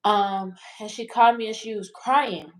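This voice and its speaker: A woman's voice: medium pitch, steady tone, moderate pace. A woman telling a personal story as an interview guest, in a candid, rambling way that swears freely.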